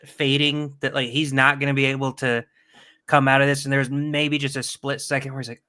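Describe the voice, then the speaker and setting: Bright-voiced man telling stories animatedly. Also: mid-range voice, a little fast, clean tone. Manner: animated storytelling, loud mock excitement. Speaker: podcast co-host. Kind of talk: casual chat.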